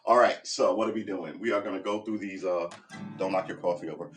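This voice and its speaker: Man, middle-aged, a bit low-pitched, casual livestream chat, rambling and profane, self-deprecating, at home on a sofa, close desk mic. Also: steady tone, fairly quick, faint music behind. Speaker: guitar vlogger livestreaming practice. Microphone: desk microphone close by.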